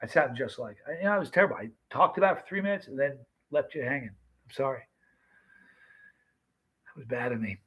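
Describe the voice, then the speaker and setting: A man's voice: medium pitch, brisk, long pauses, breathy edge, lo-fi sound. A man in his fifties casually chatting on a livestream, greeting viewers by name and telling stories. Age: 50s. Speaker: livestream host.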